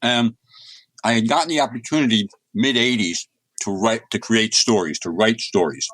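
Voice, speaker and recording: A man's voice: on the low side, normal speed, a bit bright, no room sound. Chatty middle-aged man telling stories. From United States. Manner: chatty, rambling anecdotes with many restarts. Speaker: interview guest, comics writer. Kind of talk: casual storytelling in an interview.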